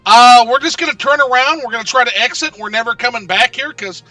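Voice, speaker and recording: Man streamer, high and very bright voice, excitable, profane, a bit off mic with faint game music. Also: quick pace, no echo, far from the mic. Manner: excitable and profane, swearing often. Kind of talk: casual live gameplay commentary.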